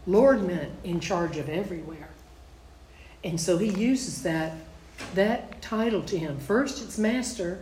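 A woman's voice: lowish voice, expressive, takes it slowly, long pauses, darkish tone, a little hiss or hum. A woman teaching a Bible study, reading scripture aloud and then explaining it in plain, conversational asides. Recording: echoey room.

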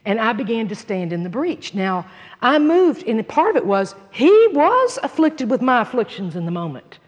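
A woman teaching a sermon, earnest and emphatic, moving between loud conviction and hushed personal storytelling. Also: fairly high pitch, sing-song, moderate pace, in a large hall. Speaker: Bible teacher.

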